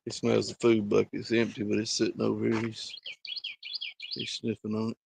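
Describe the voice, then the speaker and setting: Gravelly man talking to his dogs. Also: fairly low pitch, monotone, brisk, background noise. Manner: easygoing, chatting with his dogs. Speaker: dog kennel owner. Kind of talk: casual vlog chat. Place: outdoor yard at a kennel.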